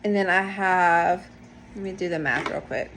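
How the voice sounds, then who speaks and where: A woman's voice: lowish voice, normal speed, a bit bright, slight background noise. A woman hosting a casual knitting video podcast from home, chatting in a rambling, self-deprecating way as she shows her projects. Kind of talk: casual show-and-tell chat. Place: home, indoors.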